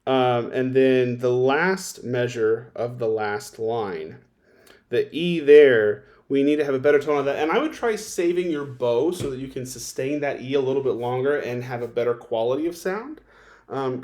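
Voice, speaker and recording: A man's voice: mid-range voice, moderate pace, darkish tone. A man giving methodical spoken feedback on a violin performance, sometimes singing phrases to show them. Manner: methodical, directive, sings phrases to demonstrate. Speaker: violin teacher. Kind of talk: recorded lesson feedback.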